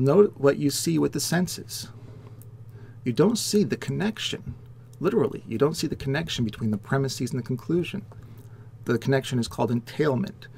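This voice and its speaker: A man's voice: mid-range voice, vocal fry, slight background noise. A man lecturing on philosophy, explaining with worked examples and rhetorical questions. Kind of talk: recorded lecture.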